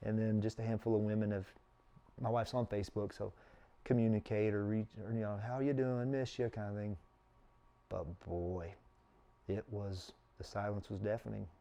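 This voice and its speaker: A man's voice: on the low side, level tone, moderate pace, creaky, dark tone. A middle-aged man telling a personal story in a sit-down interview, earnest and emotional, acting out the voices of people he quotes. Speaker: interview guest.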